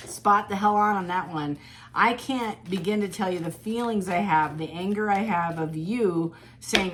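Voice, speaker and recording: A woman reading tarot cards in a casual, animated monologue, acting out quoted voices and laughing often. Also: lowish voice, moderate pace, slight background noise. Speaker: tarot reader.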